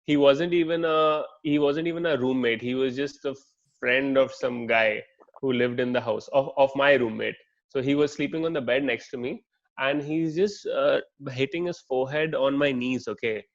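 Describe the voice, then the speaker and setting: A man's voice: medium pitch, normal speed. A young man in a casual podcast chat who talks reflectively and keeps checking in with "right?" and "okay?". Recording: dull lo-fi sound.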